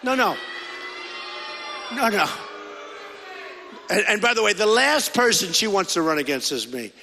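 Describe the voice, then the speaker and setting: A middle-aged man with a high, bright, forceful voice gives a campaign rally speech. He rambles and repeats himself, dropping offhand asides to the crowd. His voice booms through a large hall with a long, echoey reverb. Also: expressive, unhurried, soft background music. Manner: rambling and repetitive, with conversational asides. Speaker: political candidate.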